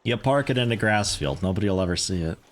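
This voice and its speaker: Streaming a game, a man with a lowish voice talks fast with lively intonation, giving casual commentary. He rambles and makes joking asides to his viewers.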